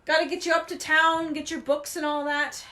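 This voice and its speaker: A woman voicing a gruff, loud giant of a man with a booming, rough manner. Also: expressive, moderate pace. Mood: rueful.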